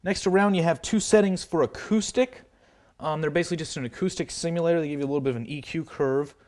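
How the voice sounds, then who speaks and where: A man's voice: fairly high pitch, fast, a little mellow. Man casually demoing a guitar amp. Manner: loose, hedging explanations with many fillers. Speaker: guitar gear demonstrator. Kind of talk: casual product demo walkthrough.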